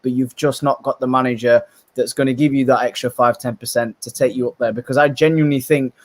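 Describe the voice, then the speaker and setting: A man giving animated, opinionated football talk as a podcast guest, often repeating words as he starts. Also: medium pitch, fast talker, no echo. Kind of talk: casual chat, football debate.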